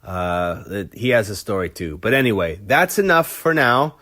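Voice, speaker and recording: Animated, profane male storyteller. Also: on the low side, normal speed. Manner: animated, profane, lots of fillers. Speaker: podcast host. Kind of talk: casual storytelling.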